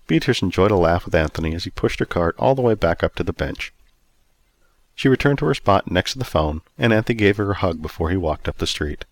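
A male storyteller narrates in a low voice that moves expressively up and down. He reads close to the mic, with a dry, dead-sounding room and no echo. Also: fairly quick. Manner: expressive, acts out every character.

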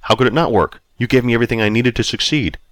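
A man's voice: medium pitch, fast, a bit bright, no room sound, close to an everyday voice. Man doing a firm, self-assured prosperous man. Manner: firm, slightly offended. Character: confident, well-off man in his forties. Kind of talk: audiobook reading.

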